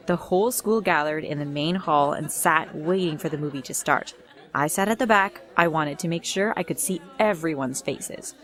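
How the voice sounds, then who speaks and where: Young woman narrating, slightly low voice. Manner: dramatic first-person retelling. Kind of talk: storytime narration. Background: faint music.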